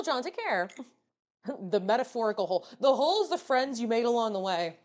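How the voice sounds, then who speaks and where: Young woman streamer, slightly high, very animated, teasing and profane. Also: fairly quick. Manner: playful, teasing, swears freely. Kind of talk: casual live-stream chat.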